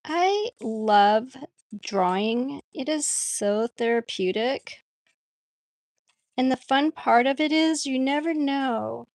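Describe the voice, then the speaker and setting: A woman's voice: high voice, expressive, slow pace, darkish tone, no room sound. A woman chatting casually with viewers while she draws on a livestream, laughing often as she reads out their comments. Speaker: art livestream host.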